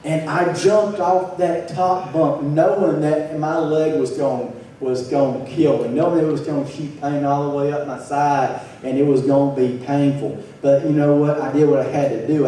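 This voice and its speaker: A man's voice: mid-range voice, steady tone, normal speed, few pauses, dark tone, distant mic, slight background noise. Earnest man in a very echoey hall. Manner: earnest, repeats words when emotional. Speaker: motivational speaker. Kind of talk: personal story told to an audience.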